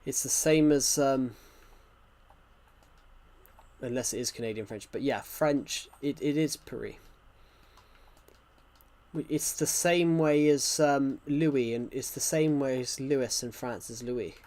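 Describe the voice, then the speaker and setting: British gaming streamer, young man, relaxed back-and-forth with chat. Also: medium pitch, moderate pace, few pauses. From United Kingdom. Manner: chatty, answers viewers' questions as they come. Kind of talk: casual livestream chat while playing.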